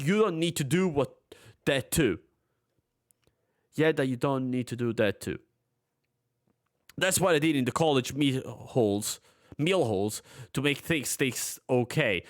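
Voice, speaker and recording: A man's voice: fairly high pitch, a bit bright. A young man streaming from his room at home, reading forum posts aloud and breaking into heated, profane rants.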